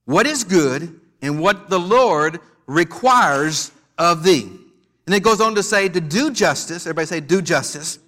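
Bright, high-pitched American preacher. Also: male voice, expressive, a little slow. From United States. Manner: call-and-response preaching, playful with the congregation. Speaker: pastor. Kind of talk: sermon. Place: church.

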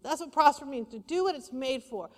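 Preaching with a high-sitting voice at a brisk clip, this woman pastor keeps her sermon lively and chatty, full of playful remarks aimed at the congregation. The recording carries a long hall reverb.

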